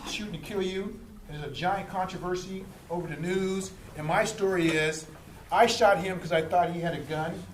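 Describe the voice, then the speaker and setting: A fairly high-voiced man, a police lieutenant, lays out how stops and complaints work, jumping into little acted scenes along the way. His voice rings around an echoey room with a faint hiss underneath. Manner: animated, acts out street scenes. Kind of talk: explaining to a group.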